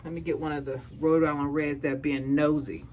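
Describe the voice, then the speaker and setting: A woman's voice: low-pitched, flat delivery, fairly quick, darkish tone, slight background noise. A woman homesteader recording a casual vlog outdoors at her backyard coop, playfully teasing and talking to her hens as if they were children.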